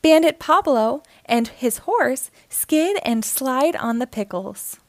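A woman reading a children's picture book aloud with an expressive storytelling manner. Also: high-pitched, slow pace, no room sound, clean studio sound.

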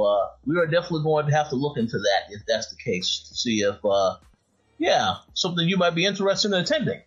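A podcast host in casual chat, his voice husky and slightly breathy. He trips over repeated words and hedges his points. The audio is dull and lo-fi. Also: medium pitch, fairly bright tone. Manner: stammers on repeated words, hedging.

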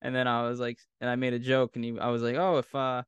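A man's voice: medium pitch, completely flat delivery, quick pace, clean tone, no echo, highs cut off. A man in his thirties with a Massachusetts accent, telling a long, rambling, profane story in casual podcast chat. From Massachusetts, South Shore. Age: 30s. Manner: rambling, profane, laughs often. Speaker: podcast co-host.

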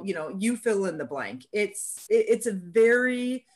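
A woman's voice: medium pitch, lively intonation, normal speed, few pauses, a little mellow. A woman hosting a casual podcast chat, talking in an encouraging, conversational way and often restarting her phrases. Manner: encouraging, conversational, repeats words when restarting. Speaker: host.

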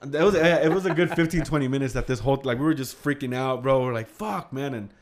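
A young man telling a story casually among friends, animated and swearing, acting out the quotes. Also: mid-range voice, fast talker.

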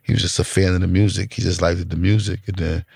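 A man's voice: sits low, level tone, quick pace, vocal fry, darkish tone, breathy edge, no echo, clean studio sound. A middle-aged man with a New York accent, telling a street story in blunt, profane casual talk. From Brooklyn, New York. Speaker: rapper interviewee.

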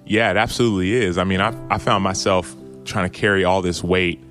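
A very deep-voiced man in his thirties tells his story as a podcast guest, open and earnest, often restarting his sentences. Soft music sits faintly underneath. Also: fairly even intonation, fairly quick. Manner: earnest, open, retelling quotes with frequent restarts. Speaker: podcast guest, former football player. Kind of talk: reflective storytelling.

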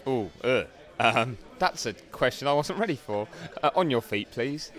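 A man's voice: mid-range voice, lively intonation, moderate pace, a bit bright. A man co-hosting a podcast from a bar, wry and rambling as he tells a story in casual banter. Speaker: podcast co-host.

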